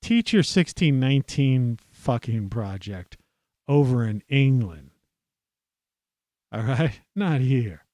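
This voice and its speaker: A man's voice: mid-range voice, animated, takes it slowly, pauses often, dark tone, no room sound. American male podcast host, angry rambling rant, heavy swearing, dry close sound. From United States. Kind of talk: profane ranting monologue.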